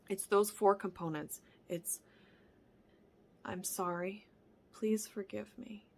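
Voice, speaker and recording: This is a woman speaking straight to camera in an earnest, reflective monologue, her mid-range voice carrying a gravelly fry. She often drops to a soft whisper and loops back over her own words as she works through a thought. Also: medium pitch. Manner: repeats and restarts phrases. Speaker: wellness vlogger.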